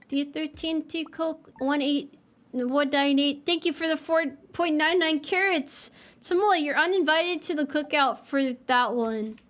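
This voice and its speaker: A young woman streaming a farming game, joking and teasing herself while chatting with her viewers. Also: sits high. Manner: playful, self-mocking banter with chat. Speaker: VTuber streamer. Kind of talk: casual live-stream chat while gaming.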